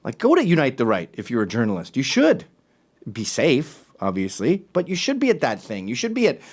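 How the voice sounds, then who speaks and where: Animated, sarcastic male talk show host. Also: medium pitch, fairly quick, slightly rough. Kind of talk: casual talk-show monologue.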